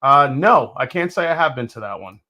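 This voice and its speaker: A man's voice: medium pitch, lively intonation, a little fast, bright, forceful tone. A man hosting a live stream, from New York, chatting casually and greeting viewers one by one. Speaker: host.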